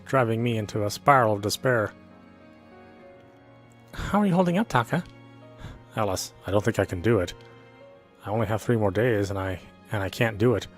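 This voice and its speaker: A man reading a visual novel aloud in an earnest first-person narration. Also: on the low side. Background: faint background music.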